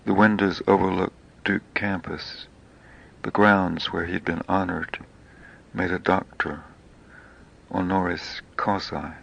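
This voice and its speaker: A man reading his own poetic memoir in slow, hushed, half-whispered phrases. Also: low-pitched, little pitch movement, creaky, dull audio.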